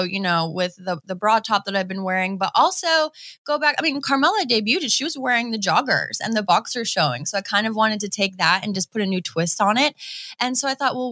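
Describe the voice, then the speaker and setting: A woman in her thirties from the Boston area, chatting excitedly as a guest in an interview and acting out quoted voices. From Boston area, USA. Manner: excitable, acts out quoted voices with high swoops. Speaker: guest wrestler. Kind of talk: casual interview chat.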